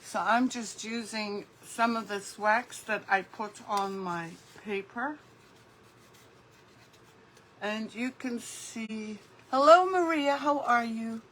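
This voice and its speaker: Slow-talking woman hosting a craft livestream. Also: fairly high pitch, fairly bright tone, rough recording. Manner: chatty, greets viewers by name while crafting. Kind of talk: casual craft livestream chat. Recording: faint background noise.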